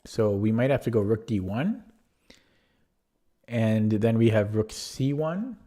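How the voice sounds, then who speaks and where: A man streaming chess puzzles, thinking aloud with a husky, strained voice, often correcting himself. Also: on the low side, expressive, warm tone. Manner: muttering, self-correcting, quick laughs.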